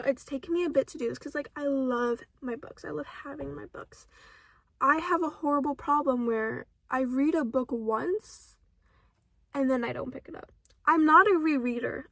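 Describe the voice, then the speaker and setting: A young woman talking casually to her phone camera at home about books she read, dramatic, swinging from mumbled asides to excited shouts. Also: sits high, vocal fry, no room sound. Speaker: book vlogger. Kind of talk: casual book review chat.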